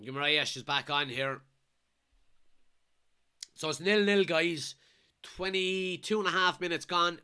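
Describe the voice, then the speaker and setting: An Irish man from Kilkenny with a blocked nose from a cold, excitedly commenting live on a football match and reading out chat messages as a watchalong streamer. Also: fairly high pitch, measured pace, long pauses, clean tone. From Kilkenny, Ireland. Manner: excitable, shouts at players and referee.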